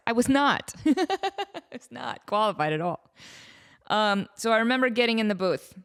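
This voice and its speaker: A woman's voice: fairly high pitch, lively intonation, normal speed, fairly bright tone, smooth. A woman in her thirties hosting a podcast, telling a story with a self-mocking, laughing delivery. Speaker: podcast host. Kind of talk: casual comedic storytelling.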